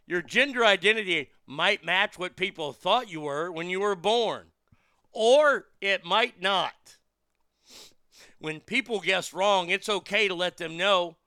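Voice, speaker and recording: A man with a high, bright voice and a gravelly edge hosts a show, reading stories aloud and tearing into them with crude, profane mockery. His voice is close and dry, with no room around it. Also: animated, unhurried, no echo. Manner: mocking, profane, laughing at what he reads. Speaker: show host. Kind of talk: crude comedic commentary.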